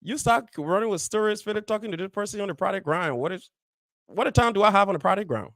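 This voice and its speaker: Man, show host, emphatic, repeats himself, higher voice, dry sound. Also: animated, fast talker, fairly bright tone, no room sound. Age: adult, married. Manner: emphatic, repeats phrases for stress. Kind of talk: direct address on a community show.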